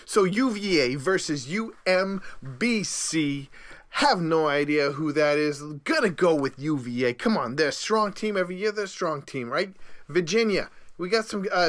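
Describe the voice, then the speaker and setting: Hyped man doing playful bracket picks. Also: high voice. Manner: hyped, showy, playful bravado with sudden loud bursts; stumbling, self-correcting delivery. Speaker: sports pundit host. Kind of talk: casual bracket picks monologue.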